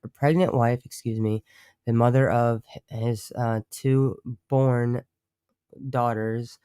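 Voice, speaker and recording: A man's voice: mid-range voice, fairly even intonation, slow, warm tone, smooth, dry recording, studio quality. A man hosting a live stream, chatting casually in a rambling, profane way and often correcting himself. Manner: rambling, profane, self-interrupting. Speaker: livestream host.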